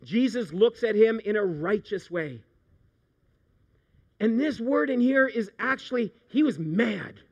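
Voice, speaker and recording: A middle-aged man, a pastor preaching a sermon, animated, moving from hushed storytelling to loud outbursts. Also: high-pitched, unhurried, highs cut off.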